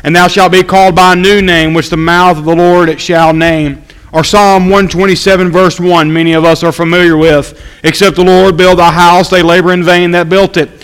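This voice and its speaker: A man preaching an evening sermon, reading scripture aloud and slowly repeating his key points for emphasis. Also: sits high, level tone, a bit bright, smooth, in a large hall, poor audio.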